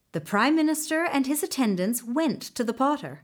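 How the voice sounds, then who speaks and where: A woman's voice: a little high, big pitch swings, moderate pace, few pauses. A woman storyteller reading a folk tale in scripted narration.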